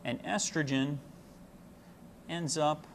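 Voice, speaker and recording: A man's voice: on the high side, steady tone, slow, creaky, slight background noise. A man giving a casual medical lecture, folksy and full of fillers, explaining with homely analogies.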